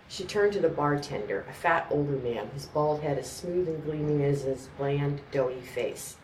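A woman with a notably low voice reads a story aloud in a steady, measured way. The mic sits some way off in an echoing room, with a faint background murmur. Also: a little hiss or hum. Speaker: narrator. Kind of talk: scripted narration. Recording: roomy, distant mic, faint ambience.

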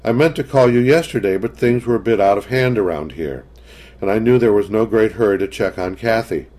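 A man doing a loud, jovial schoolteacher. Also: lowish voice, close to an everyday voice. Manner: jovial and brisk. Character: loud, cheerful young woman schoolteacher.

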